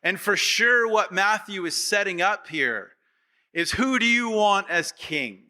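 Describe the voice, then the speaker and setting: In a high, sharp-toned voice, a male pastor preaches a sermon a little slowly but expressively. He acts out the quoted voices of the congregation and repeatedly puts rhetorical questions to them.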